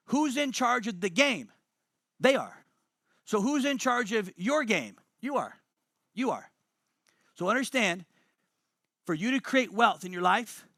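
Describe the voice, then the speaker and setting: A man's voice: sits high, vocal fry, bright, forceful tone, dry recording, clean studio sound. A man presenting a motivational money webinar, emphatic and fond of repeating key lines.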